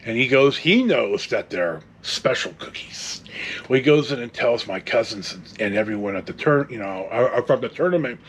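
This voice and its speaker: A middle-aged man hosts his own show and tells a casual story at home. He rambles, stops and restarts his sentences, and chuckles as he goes. His voice sits in a middle pitch, with a faint hiss of noise behind it. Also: fast talker, hardly any pauses. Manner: rambling, with many fillers and restarts; chuckles while telling the story. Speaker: host.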